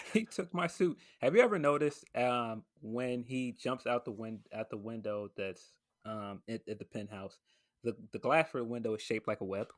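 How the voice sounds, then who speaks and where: A man's voice: medium pitch, fairly even intonation, moderate pace, dry recording. A man hosting a casual podcast, gushing enthusiastically about a film and comparing it to wrestling. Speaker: podcast host.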